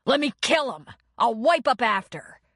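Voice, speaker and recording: A woman narrator voicing a furious, protective man with a broken nose, yelling nasally. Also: medium pitch, expressive, measured pace, no echo, clean studio sound. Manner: yelling, threatening.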